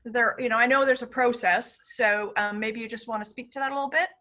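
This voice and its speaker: A woman's voice: on the high side, fairly even intonation, fast talker, pushed and bright, muffled recording. A woman hosting a wine tasting, politely asking a guest a question with some hesitation. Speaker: host.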